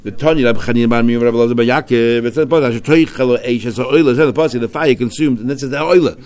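A man of middle pitch walks through a religious text line by line. He keeps asking himself questions and answering them, jumping up in pitch and volume on the key points. He mixes Hebrew and Aramaic study terms into his English. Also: racing, a little mellow. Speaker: Talmud teacher. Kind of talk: explaining a religious text passage.

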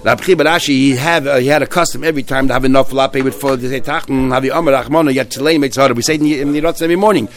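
A man teaching a Talmud class, retelling stories in a lively, halting way with many restarts. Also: medium pitch. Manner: animated storyteller, many restarts and fillers.

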